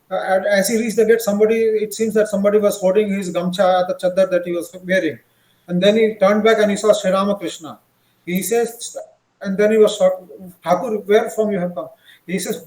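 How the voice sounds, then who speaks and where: A man's voice: high-pitched, steady tone, a little mellow. A man tells devotional stories in a talk. He halts often, restarts his sentences and slips into the voices of the people in his stories. The sound is roomy and echoey. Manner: halting, many fillers and restarts, acts out quoted dialogue. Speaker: monk giving a talk.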